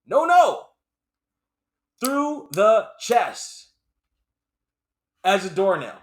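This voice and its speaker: Brief: male reviewer, high and bright, swings hard in pitch, loves repeating lines for emphasis. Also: big pitch swings, very slow. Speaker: movie reviewer. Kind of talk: casual spoken movie review.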